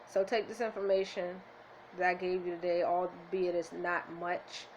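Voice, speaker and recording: Earnest woman, low voice, near tears. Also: little pitch movement, moderate pace, muffled recording, slight background noise. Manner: earnest, heartfelt, close to tears. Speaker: vlogger. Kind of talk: emotional motivational vlog. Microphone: handheld camera.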